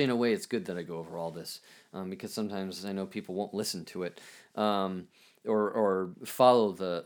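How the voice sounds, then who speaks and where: Man musing aloud on a spiritual podcast. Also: lowish voice. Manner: thinking aloud with fillers and restarts; wry, lightly self-mocking asides. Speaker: podcast host. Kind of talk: reflective spiritual podcast monologue.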